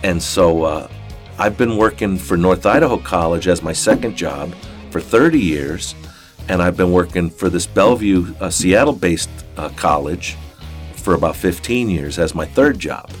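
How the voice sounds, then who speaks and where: A man's voice: deep voice, lively intonation, moderate pace, faint music behind. An older man from southern Ohio, an interview guest telling a long personal story in a rambling, folksy way full of fillers and restarts. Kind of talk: casual storytelling.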